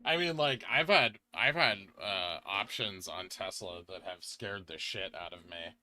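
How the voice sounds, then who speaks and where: A man hosting a live trading stream, reading chat aloud and talking casually with lots of fillers, drifting from quiet murmurs to excited bursts. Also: lowish voice, unhurried. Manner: rambling, filler-heavy, swings from quiet muttering to excited bursts. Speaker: livestream trading host.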